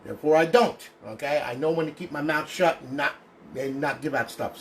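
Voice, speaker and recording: A slightly high-voiced man chatting on a livestream as a console modder. He rambles and swears freely, keeps checking in with "okay?", and swings from low, muttered asides into loud, excited bursts. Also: fairly quick, slight background noise. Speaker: console modder streaming to customers. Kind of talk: casual livestream talk.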